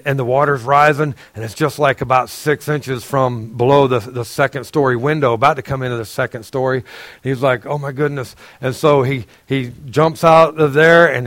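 A man, a pastor, giving a sermon in a casual, conversational storytelling way, often clearing his throat and laughing with the congregation. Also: medium pitch, fairly bright tone, no room sound.

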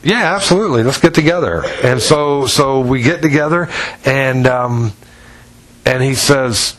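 A pastor preaching to his congregation, telling stories with animated delivery and acting out the people in them. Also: unhurried, rough recording. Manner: animated storytelling, acts out voices with pitch jumps. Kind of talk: sermon.

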